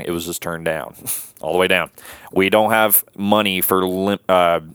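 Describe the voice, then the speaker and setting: A man's voice: low voice, fairly bright tone, clean tone, dry recording, clean studio sound. A young man who sings in a band, rambling through a gig story and swearing casually on a podcast. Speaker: band singer, podcast co-host. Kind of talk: casual banter.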